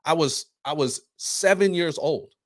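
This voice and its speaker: A man on a podcast, telling stories in a lively way and acting out quotes, often asking "right?". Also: fairly high pitch, measured pace, dry recording, studio quality. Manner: animated storyteller, acts out quotes, says "right?" often. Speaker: podcast co-host. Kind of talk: casual conversation.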